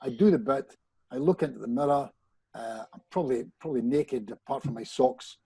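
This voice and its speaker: A man's voice: mid-range voice, a little fast, slightly rough, no room sound, poor audio. A man who is a hypnotist guest on a podcast tells a personal anecdote, restarting phrases and speaking straight to the host. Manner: animated storyteller who often restarts phrases and addresses the host directly. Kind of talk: storytelling anecdote in a podcast chat.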